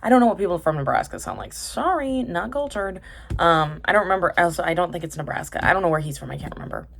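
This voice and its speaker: A woman's voice: sits low, lively intonation, racing, creaky, slight background noise. A young woman vlogging casually about dramas she has watched, chatty and tangent-prone, with lots of fillers and self-corrections. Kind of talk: casual rambling chat.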